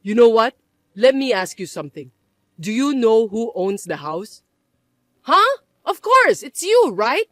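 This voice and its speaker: A woman voicing a scheming, bossy middle-aged mother-in-law who talks in a shrill, accusing way. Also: expressive, moderate pace, dark tone, no echo, close to an everyday voice. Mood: shocked. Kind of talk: dramatized story voice acting.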